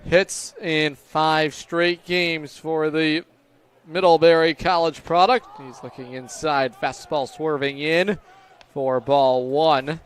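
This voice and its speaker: A man calling live baseball play-by-play, brisk and upbeat on each pitch. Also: fairly even intonation, clear, resonant tone. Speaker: play-by-play announcer.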